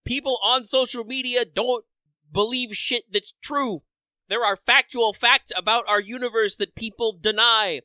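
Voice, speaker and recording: A man co-hosts a podcast in an extremely high, bright and forceful voice, speaking at a measured pace with fairly even intonation. His casual chat is rambling and profane, full of self-interruptions, restarts and filler words, recorded dry at studio quality.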